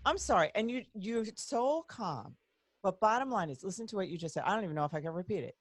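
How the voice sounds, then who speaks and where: Woman, interview host, animated, exclaiming, lively pitch, dry recording. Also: a little fast, dry recording. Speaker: podcast host. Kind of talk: casual interview chat.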